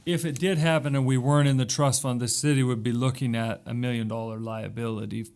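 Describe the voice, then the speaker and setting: A man's voice: mid-range voice, fairly even intonation, a little fast, a little mellow, smooth. A man on city staff explaining and recommending a budget item to the council in a meeting. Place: council chamber.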